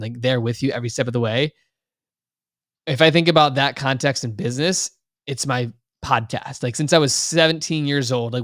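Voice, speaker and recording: A man's voice: mid-range voice, no echo. A young man in his twenties talks with eager energy as a podcast guest. He rambles in long sentences full of "like" and "you know". The recording is dry and close. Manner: enthusiastic, long-winded, heavy on "like" and "you know". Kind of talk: casual interview talk.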